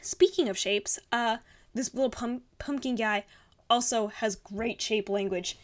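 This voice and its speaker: A woman's voice: a little high, steady tone, measured pace, a bit bright. A young woman hosting a casual art review, gushing and rambling with lots of fillers. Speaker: art channel host. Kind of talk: casual art critique commentary.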